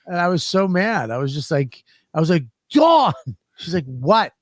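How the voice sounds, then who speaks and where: Profane, animated man telling stories. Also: a little high, brisk, no echo, clean studio sound. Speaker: podcast co-host. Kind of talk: casual comedic chat.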